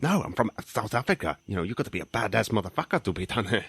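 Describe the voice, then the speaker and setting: A man's voice: lowish voice, very animated, quick pace, vocal fry, a bit bright, breathy edge, no room sound, heavily acted. A man putting on a swaggering tough-guy gangster. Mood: boastful. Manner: swaggering, shrugging off pain. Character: boastful tough South African gangster man.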